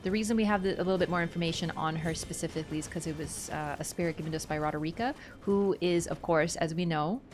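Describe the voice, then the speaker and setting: A woman's voice: fairly low pitch, fairly even intonation, quick pace, hardly any pauses, a little hiss or hum. A woman streaming a game, talking casually through its lore, thinking aloud and answering her chat. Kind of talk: casual livestream lore commentary.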